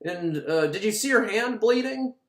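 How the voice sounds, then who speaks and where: Man doing a grave, slow-talking older father, lively pitch. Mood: solemn. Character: solemn older father, grave revealer of secrets. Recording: echoey room.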